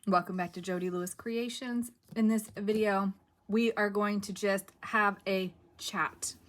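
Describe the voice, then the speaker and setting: A woman's voice: medium pitch, steady tone, measured pace, a little hiss or hum. A middle-aged woman hosting a craft channel, chatting casually to camera in a rambling, self-correcting way with a cough drop in her mouth.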